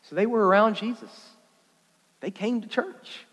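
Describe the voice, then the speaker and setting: Man, preacher, casual sermon, jokey and animated, high voice, long hall reverb. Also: measured pace.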